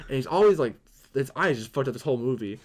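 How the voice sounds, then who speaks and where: A man co-hosting a casual movie review podcast, retelling scenes in an animated way, swearing often and acting out the characters' lines. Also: medium pitch, racing. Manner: animated, swears a lot, acts out quotes. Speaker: podcast co-host.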